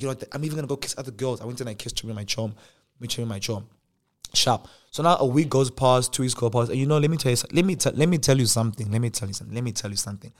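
A young man with a South African accent telling a personal story in a casual, animated way, acting out the other people's lines. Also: medium pitch. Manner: animated, acts out dialogue in different voices. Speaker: podcast host.

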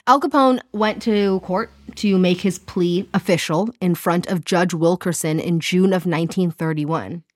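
A woman's voice: fairly low pitch, unhurried, few pauses, a little mellow, no echo, studio quality. A woman hosting a history podcast, retelling events in a breezy, irreverent way with slang paraphrases. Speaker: podcast host. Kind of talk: casual narrated history podcast.

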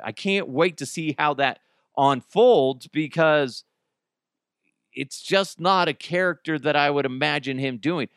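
A man's voice: mid-range voice, fairly bright tone, no room sound, clean studio sound. A man hosting a casual solo podcast, joking and self-deprecating, laughing often. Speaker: podcast host.

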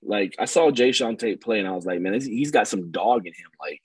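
A man with a husky voice in a casual sports podcast chat, rambling earnestly with lots of fillers. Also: fairly low pitch, lively intonation, brisk, no room sound, poor audio. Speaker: podcast co-host.

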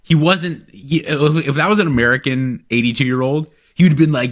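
A man in his forties, co-hosting a casual chat and talking in an animated, joking way with a little swearing. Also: mid-range voice, brisk. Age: 40s. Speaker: co-host.

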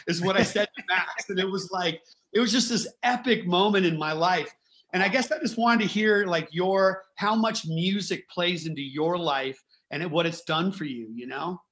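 A man with a fairly high voice talks as a guest musician. He tells stories in a loose, excitable way, with plenty of swearing. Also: moderate pace. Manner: profane, excitable storytelling. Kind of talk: casual chat.

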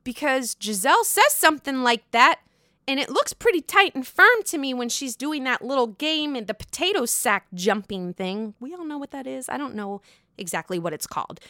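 A woman hosting a podcast, recapping reality TV in a gushing, profane, animated way. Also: high voice, normal speed, dry recording, studio quality. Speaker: podcast host.

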